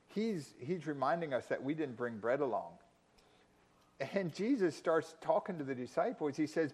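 A man preaching a sermon, emphatic, with dramatic pauses and rising intensity in quoted lines. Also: a little high, expressive, darkish tone. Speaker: pastor.

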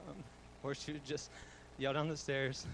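A man's voice: medium pitch, completely flat delivery, normal speed, fairly bright tone, rough recording. A young man giving a fond eulogy for his grandmother, chuckling often and using fillers. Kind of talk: eulogy speech.

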